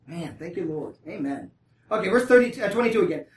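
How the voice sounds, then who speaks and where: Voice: mid-range voice, big pitch swings, fairly quick. Conversational Bible teacher, distant and roomy. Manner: reads scripture aloud, then breaks off to explain casually; often checks in with listeners.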